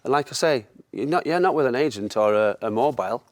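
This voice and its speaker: A man in his fifties from Barnsley with a Yorkshire accent, a former goalkeeper telling animated anecdotes in an interview. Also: mid-range voice, fast talker. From Barnsley, England. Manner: animated storyteller, chuckling often.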